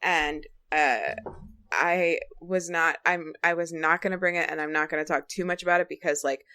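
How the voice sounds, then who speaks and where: A woman co-hosts a podcast in a casual chat, rambling along with plenty of fillers and restarts. Her voice is low-pitched and sharp in tone, moving at a normal speed.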